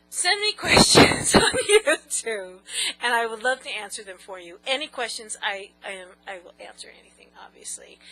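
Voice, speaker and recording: Giggly, bright-voiced rambling woman. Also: medium pitch, slight background noise, low-quality recording. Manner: giggly, rambling, self-mocking. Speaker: vlogger answering viewer questions. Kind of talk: casual chat.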